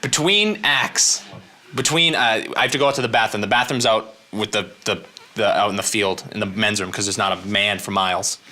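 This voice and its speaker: A man's voice: lowish voice, a little fast, bright, forceful tone. A male comedian telling a comic story as an interview guest, acting out other people's lines as he goes.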